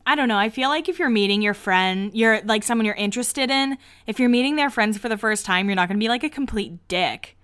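Chatty woman with a smooth voice. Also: on the high side, fairly quick, hardly any pauses, fairly bright tone. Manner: chatty, heavy use of 'like', laughs often. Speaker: podcast host. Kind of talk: casual episode recap.

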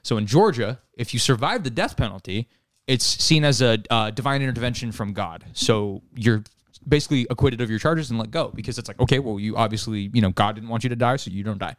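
Co-hosting a casual podcast, a man tells a long, rambling joke, swearing casually and laughing at his own story. His mid-range voice runs a little fast in a dry, studio-quality recording.

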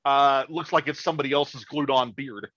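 Brief: halting, blunt, foul-mouthed male podcast co-host, dry close mic. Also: mid-range voice, fairly bright tone, slightly rough, dry recording, highs cut off. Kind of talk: casual chat.

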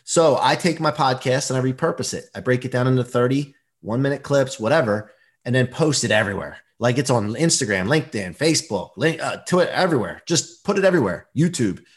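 Energetic motivational man, interview guest. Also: mid-range voice, fast. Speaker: guest, performance coach. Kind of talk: casual interview chat.

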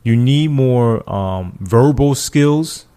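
A man with a clear, resonant, mid-range voice speaks very slowly, telling stories from his time as a police officer in a casual interview. He is animated and acts out the people he quotes with loose slang.

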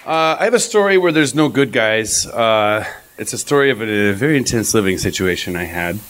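A man starting a comic personal story on stage, halting with many fillers. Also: lowish voice, expressive, fairly bright tone, a faint crowd. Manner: hesitant, filler-heavy setup. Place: stage with live audience.

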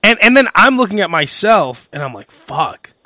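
A young man hosting a casual podcast, telling a story in a lively way and acting out the shouting of the people in it. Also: high voice, a little fast, no echo, clean studio sound. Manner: animated storyteller who acts out shouted quotes. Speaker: podcast host.

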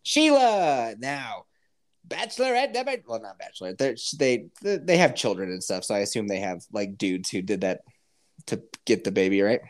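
Woman podcast co-host, low and animated, profane casual storyteller on a call. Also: moderate pace. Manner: profane, animated, laughs often. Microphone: remote call.

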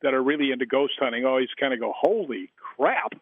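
A man's voice: mid-range voice, expressive, fairly quick, no room sound. Man telling stories over a phone line. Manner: rambling anecdotes with many fillers and restarts. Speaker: guest, paranormal author. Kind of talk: storytelling in an interview. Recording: tinny phone line, dry.

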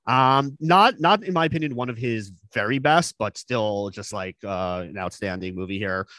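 A man on a podcast recommending movies in casual chat, earnest and halting, with many fillers and restarts. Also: fairly low pitch, sharp tone, no echo.

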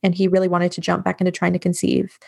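A woman's voice: fairly low pitch, completely flat delivery, quick pace, vocal fry, mellow, breathy edge. A woman guest on an interview podcast, telling a hard personal story in a frank, matter-of-fact way with frequent fillers. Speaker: guest, bereavement doula.

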